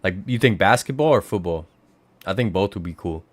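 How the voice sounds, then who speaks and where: A low-pitched man from California talks loosely to his livestream viewers, wandering from one story to the next. His voice leaps up high when he gets excited. The sound is dry and close. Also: fairly quick, no echo. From California Bay Area. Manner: rambling storyteller who jumps to high excited exclamations. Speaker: livestream host. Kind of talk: casual livestream chat.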